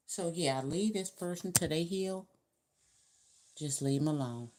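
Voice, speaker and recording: A woman's voice: deep voice, a little slow, a little mellow, a little hiss or hum. A woman giving a casual tarot reading to camera, talking in a chatty, colloquial, rambling way. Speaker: tarot reader.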